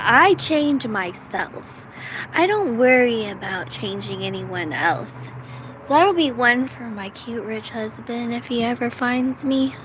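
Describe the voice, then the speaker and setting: A woman's voice: on the high side, a bit bright, slight background noise, low-quality recording. A middle-aged woman from the United States, rambling casually in a self-deprecating vlog with lots of fillers. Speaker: vlogger.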